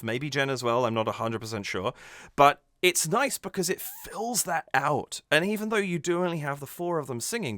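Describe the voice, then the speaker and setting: Lively, bright-voiced man breaking down a song. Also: mid-range voice, dry recording, clean studio sound. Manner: enthusiastic, thinks aloud, analytical. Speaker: music reaction channel host. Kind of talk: reaction and analysis commentary.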